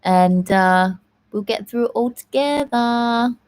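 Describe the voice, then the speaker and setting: A woman's voice: on the high side, slow, darkish tone. A young woman at home hosting a casual live Q&A, chatting in a rambling way with many fillers. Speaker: live stream host answering viewer questions.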